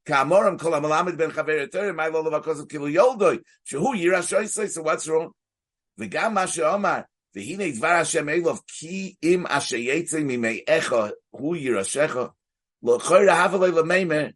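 A man giving a Torah lecture as a rabbi. He mixes quoted Hebrew texts with explanation and repeats phrases as he works through the point. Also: on the high side.

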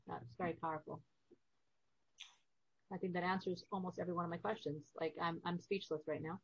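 A woman's voice: lowish voice, steady tone, a little fast, slightly rough. A woman interviewing a guest, attentive and responsive, stammering a little when moved. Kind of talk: interview talk. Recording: dry dull sound.

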